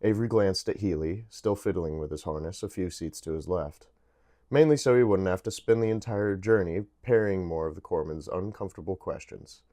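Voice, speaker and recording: A man with a low, deep voice reads a science fiction novel aloud in an easygoing, unpolished way. He trips over words now and then and simply corrects himself and carries on. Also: brisk, dark tone. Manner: casual reading with stumbles and self-corrections. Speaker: book reader.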